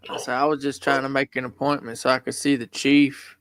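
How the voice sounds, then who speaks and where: A man's voice: mid-range voice, flat delivery, a little fast, fairly bright tone, smooth, dry recording, studio quality. A man casually chatting as a stream co-host, musing about what he sees. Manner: easygoing, speculative chatter. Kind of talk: casual chat.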